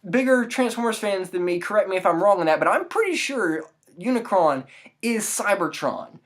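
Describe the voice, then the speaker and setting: A woman's voice: medium pitch, very animated, moderate pace. A woman giving a casual spoken movie review, ranting in exasperation with exclamatory asides.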